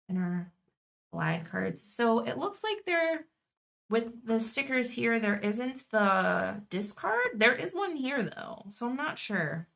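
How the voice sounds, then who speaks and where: A young woman chatting through a live-stream board game unboxing, thinking aloud and laughing softly as she goes. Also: a little high, vocal fry.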